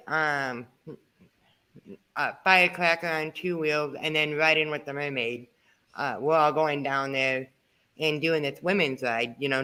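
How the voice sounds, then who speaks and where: Man, eager, encouraging, bright tense voice, a little high. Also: clear, resonant tone. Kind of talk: casual group chat.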